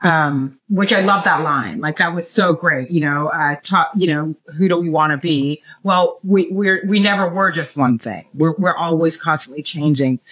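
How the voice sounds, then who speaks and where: Brief: co-host, mid-pitched voice, enthusiastic and affirming. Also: normal speed, hardly any pauses, fairly bright tone, dull audio. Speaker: podcast co-host. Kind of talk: conversational podcast interview.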